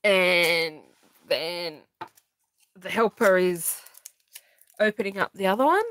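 A woman's voice: fairly low pitch, slow, a bit bright, low-quality recording. A woman chatting casually as a craft vlogger at home, laughing easily and teasing. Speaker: craft vlogger showing a haul. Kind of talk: casual chat.

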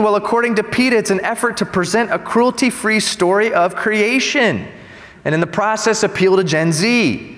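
A pastor delivers a sermon with a notably high, ringing voice. He preaches emphatically and with indignation. His words trail off into the long reverb of a church sanctuary. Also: fairly bright tone.

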